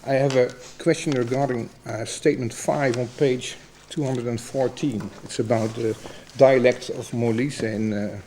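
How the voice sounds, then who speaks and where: A man questioning a doctoral candidate as examiner, halting and hesitant with many fillers. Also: medium pitch, steady tone, background noise. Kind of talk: formal academic questioning.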